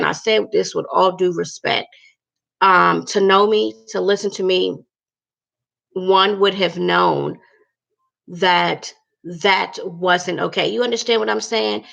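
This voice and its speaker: Chatty, upset woman with a gravelly voice. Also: lowish voice, fairly bright tone. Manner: chatty, emphatic, repeats herself, addresses viewers as you guys. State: emotional, upset. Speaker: vlogger. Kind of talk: emotional personal vlog rant.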